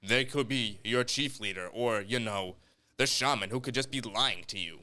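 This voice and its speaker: A young man co-hosting a podcast, expressive and joking, with quick reactions. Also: mid-range voice. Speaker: podcast co-host. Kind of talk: casual podcast chat.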